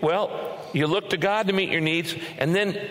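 A male pastor delivers an emphatic sermon to his congregation, his voice sitting fairly high for a man. He restarts and repeats phrases as he drives each point home. The sound carries a long reverb, as in a large hall. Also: steady tone, moderate pace, a bit bright.

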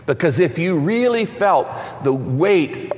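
A male pastor delivers a sermon with an animated, emphatic style, building lines through repetition. His voice sits a little high and swings widely in pitch. The sound carries a long reverb from a large hall. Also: slow, slight background noise. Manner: animated, emphatic preaching with repeated phrases.

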